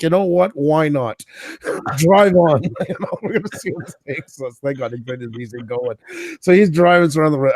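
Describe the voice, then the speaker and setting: A man's voice: fairly high pitch, darkish tone, no echo, clean studio sound. A man from Canada telling a long funny anecdote in casual chat, laughing often and acting out what people said. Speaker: podcast co-host.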